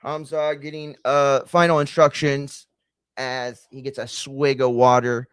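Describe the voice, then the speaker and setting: Streamer, male, easygoing slangy fight talk, dry close mic, mid-pitched voice. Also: little pitch movement, unhurried, clean tone, no echo. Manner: loose, slangy, chatty, addresses chat directly. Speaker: watch-party streamer and fight commentator. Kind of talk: casual live-stream commentary.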